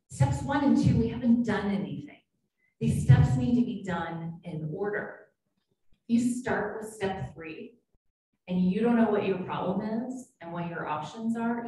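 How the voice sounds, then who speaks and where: A woman's voice: mid-range voice, mellow. A woman psychiatrist giving a conference keynote, talking in a conversational, anecdotal and self-deprecating way. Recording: very echoey hall, distant mic, faint noise.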